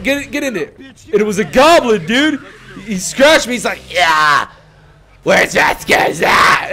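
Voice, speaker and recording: High-voiced young man, rambling and profane. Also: a bit bright. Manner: rambling, profane, laughing storytelling. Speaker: video uploader and player. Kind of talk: casual gaming chat. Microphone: home desk mic, audio only.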